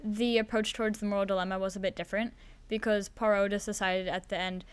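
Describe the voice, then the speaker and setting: A teenage girl speaks in a smooth, clear voice at a middle pitch. She answers questions thoughtfully and chattily, pausing now and then with small fillers. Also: little pitch movement. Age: teens. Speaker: student actor, interview guest. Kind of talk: casual chat on a school podcast.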